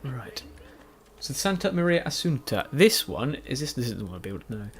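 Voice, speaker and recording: A man's voice: medium pitch, big pitch swings, normal speed, fairly bright tone, slightly rough. A man giving rambling, self-deprecating post-recorded commentary over a video game, tired and yawning late at night. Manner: meandering, self-deprecating, many restarts and fillers. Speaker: gaming YouTuber.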